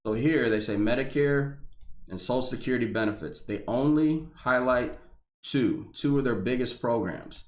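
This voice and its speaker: A man's voice: medium pitch, moderate pace, a little mellow. A man reading a government memo aloud and ranting about it, heated and profane, stumbling over restarts. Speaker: veteran reacting to a government memo. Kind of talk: angry ranting commentary. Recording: echoey room.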